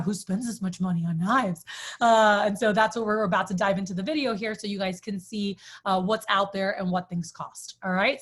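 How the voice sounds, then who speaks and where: A woman's voice: mid-range voice, fairly bright tone. Woman sales trainer, chatty storyteller, casual group talk. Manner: chatty storyteller, many "like" fillers; asks the group questions.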